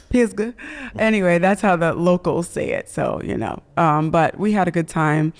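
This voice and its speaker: A woman co-hosting a casual marriage podcast, chatty and quick to laugh, saying "y'all.". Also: fairly low pitch, gravelly. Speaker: podcast co-host.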